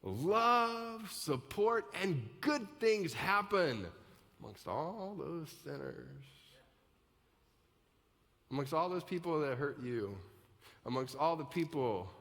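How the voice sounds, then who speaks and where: A male pastor preaching a live sermon in a conversational style that builds to emphatic peaks. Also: mid-range voice. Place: large church auditorium. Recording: live hall reverb.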